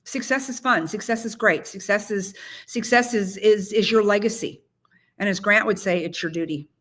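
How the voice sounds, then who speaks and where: Middle-aged woman coach hyping her team on a livestream, bright tense voice, rambly and fired up. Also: medium pitch, moderate pace. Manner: energetic, rambling, many restarts and asides. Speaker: real estate team leader and coach. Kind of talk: casual motivational livestream talk.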